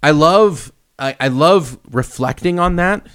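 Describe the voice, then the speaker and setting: A young man co-hosting a casual podcast, telling stories with lively swings and acting out the voices in them. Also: fairly high pitch, unhurried. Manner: animated storyteller, acts out quoted voices. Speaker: podcast co-host.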